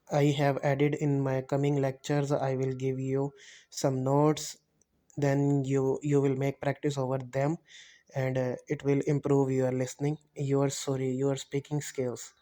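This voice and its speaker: A man teaching a spoken English lecture over slides, halting and often correcting himself as he explains. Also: medium pitch, dark tone. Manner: halting, self-correcting, repeats words while explaining.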